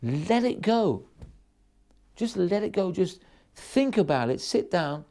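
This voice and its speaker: A rabbi giving a storytelling sermon with animated delivery, frequent restarts and repeated words. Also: male voice, sits high, slow, creaky.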